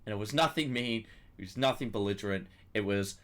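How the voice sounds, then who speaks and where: A young man hosts a casual podcast chat, rambling through long stories with hesitant restarts. His voice sits a bit low but sounds bright. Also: a little fast. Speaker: podcast host.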